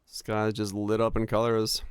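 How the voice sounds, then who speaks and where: A man's voice: on the low side, monotone, unhurried, clean tone, dry recording. A man streaming a game, chatting casually and telling rambling, laughing stories with lots of fillers. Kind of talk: casual chat while gaming.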